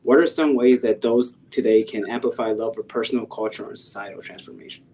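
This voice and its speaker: A man moderating a panel, responding to a speaker and asking the next question calmly. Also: medium pitch, a little hiss or hum, poor audio. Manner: calm, measured, with ums.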